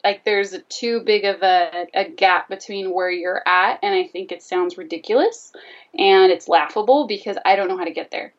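A woman's voice: medium pitch, normal speed, far from the mic, muffled recording. A woman telling a personal story in casual conversation, animatedly acting out both sides of the dialogue. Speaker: guest telling her story.

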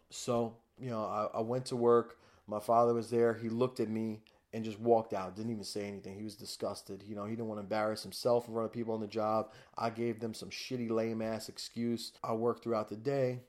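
A man's voice: lowish voice, flat delivery, fairly quick, hardly any pauses, a little mellow. Man candidly telling a hard story. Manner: candid, raw and profane. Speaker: podcast guest. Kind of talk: personal storytelling.

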